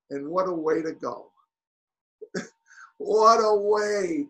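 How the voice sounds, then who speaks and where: A man preaching a sermon, building to shouted peaks and then dropping quiet, with halting restarts. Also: sits high, rough recording.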